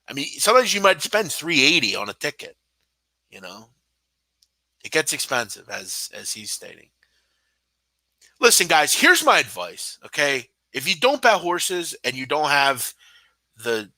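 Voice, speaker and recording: A young man hosts a betting show with a bright, hard-edged voice that swings up and down in pitch. He rants sarcastically and swears a lot. The sound is dry and close, with no room behind it. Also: no echo. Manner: profane, exasperated, sarcastic. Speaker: sports betting show host. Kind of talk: live-stream casual rant.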